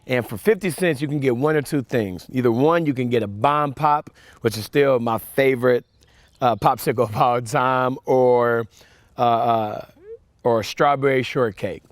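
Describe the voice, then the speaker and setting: Animated storytelling man, dry sound. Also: mid-range voice, a little slow, dry recording. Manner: animated storyteller with fillers and repeats; drops soft and quiet for reflection. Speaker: camp speaker. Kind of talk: storytelling sermon.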